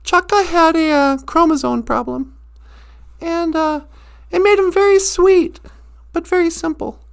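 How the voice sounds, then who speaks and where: A woman recounting a story for a live-stream audience, animated and playful with frequent jokes. Her voice sits notably high, and she swings her delivery up and down for effect. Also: unhurried, gravelly. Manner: animated, joking, laughs often.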